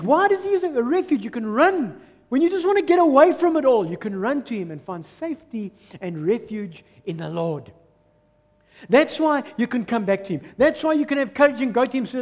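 A man with a South African accent preaching a sermon as pastor, swinging from loud exclamations to soft, low asides. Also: sing-song, normal speed, big-room sound. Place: church hall.

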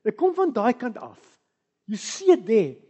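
A woman with a South African accent preaching a sermon, moving between soft asides and loud, emphatic passages. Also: a little high, sing-song, normal speed, slightly rough.

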